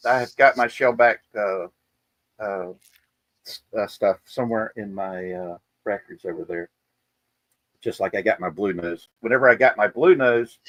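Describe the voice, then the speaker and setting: Male host, casual and profane, laughs through his stories, dry close sound, mid pitch. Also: a bit bright, no echo, low-quality recording. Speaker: podcast host. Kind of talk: casual chat.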